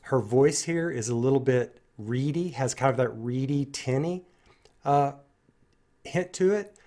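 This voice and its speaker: A man hosts a casual music reaction video, talking straight to his viewers. He sounds enthusiastic and admiring, with a relaxed, conversational delivery. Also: medium pitch, a little slow.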